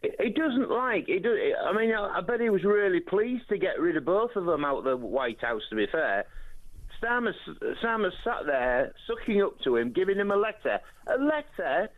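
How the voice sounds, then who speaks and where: A man's voice: high-pitched, lively intonation, moderate pace, narrow, tinny audio. A man from East Yorkshire calling into a radio phone-in, blunt and opinionated, with hesitant fillers. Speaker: caller. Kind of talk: phone-in call.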